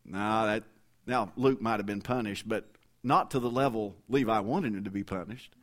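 A man's voice: on the low side, normal speed. A middle-aged man preaching a sermon as pastor, in a folksy, conversational way, with stories and asides to the congregation.

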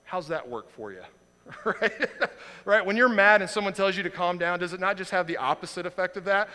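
Male pastor, 30s, high bright voice, fiery sermon delivery, big church hall echo. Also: lively intonation, fairly quick. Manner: impassioned, swings from quiet to loud outrage. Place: church sanctuary. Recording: long reverb of a large hall.

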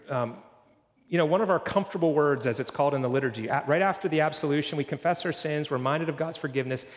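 Male pastor, slightly high voice, earnest sermon delivery, church reverb. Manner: earnest preaching, slows for quoted scripture.

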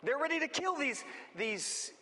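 A man preaching a sermon, telling the story dramatically and acting out the quoted lines, swinging between booming and hushed. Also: big pitch swings, measured pace. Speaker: pastor. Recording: long hall reverb.

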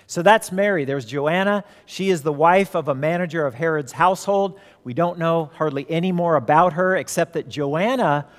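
A pastor with a fairly high voice speaks at normal speed with few pauses, his sermon trailing long reverb. He tells stories and acts out the voices of those in them.

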